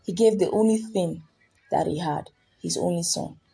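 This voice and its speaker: Husky-voiced woman preaching earnestly. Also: on the low side, moderate pace, warm tone. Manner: earnest, repeats words, asks rhetorical questions. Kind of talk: sermon.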